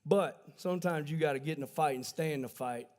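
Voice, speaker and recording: A pastor gives a livestreamed church sermon in a folksy, conversational storytelling style, pausing to correct himself now and then. His voice is somewhat high for a man, a little mellow, and he speaks a little fast.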